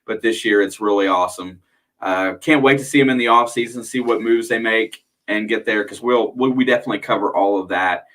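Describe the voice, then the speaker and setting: This young man co-hosts a casual sports livestream from home at a desktop mic. His delivery is laid-back and easygoing, and he reads out game stats in a plain, steady way. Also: fairly low pitch, brisk. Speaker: livestream co-host.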